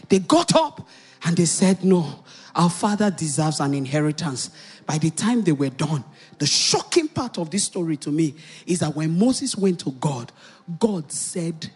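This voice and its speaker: A middle-aged Nigerian woman preacher telling a personal story in a sermon, animated, with loud exclamations. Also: on the low side, slightly rough.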